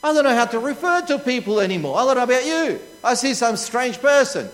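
A man's voice: very high voice, sing-song, fairly quick. A man with an Australian accent preaching a sermon, emphatic and repetitive, asking rhetorical questions. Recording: long reverb of a large hall.

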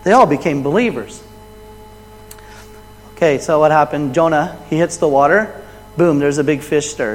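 Man preaching, higher-pitched voice, lively storytelling, long echoing hall reverb. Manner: animated, rising loud for quoted lines, dropping low for asides. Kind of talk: sermon retelling a Bible story.

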